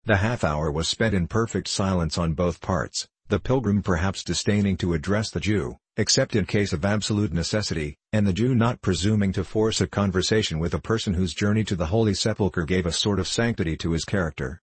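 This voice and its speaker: A man narrating a classic novel as an audiobook, with steady, formal storytelling. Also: deep voice, a little fast, hardly any pauses, breathy edge, dry recording.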